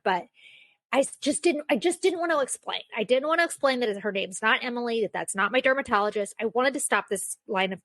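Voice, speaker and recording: A woman's voice: mid-range voice, a bit bright, no room sound. A young woman hosting a casual solo podcast, telling a self-mocking story with lots of fillers. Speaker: podcast host.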